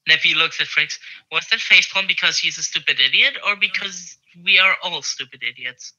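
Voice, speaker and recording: Man, tabletop player, excitable, swears, slightly high voice. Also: brisk, poor audio. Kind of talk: tabletop game chat on a live stream.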